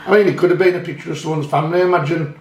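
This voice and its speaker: A man's voice: fairly high pitch, steady tone, rapid-fire. Chatty man in an echoey room. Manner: chatty, rambling, self-correcting. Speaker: magnet fishing channel host. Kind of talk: casual chat showing finds.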